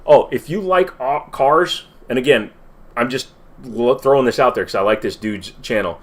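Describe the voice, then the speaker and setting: A man's voice: mid-range voice, normal speed. A man hosting a casual livestream Q&A, rambling and swearing as he reacts to viewer comments. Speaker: livestream host.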